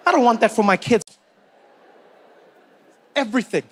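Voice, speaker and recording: A man from South Africa with a South African accent doing a stand-up comedy routine, animated storytelling that talks to the crowd. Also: very high-pitched, normal speed.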